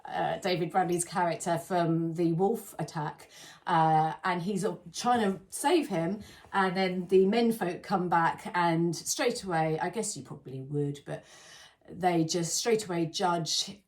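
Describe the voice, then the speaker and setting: A woman's voice: on the low side, measured pace. A woman co-hosting a podcast, chatting casually about a film in a thoughtful, hedging way as she searches for her words. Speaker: podcast co-host.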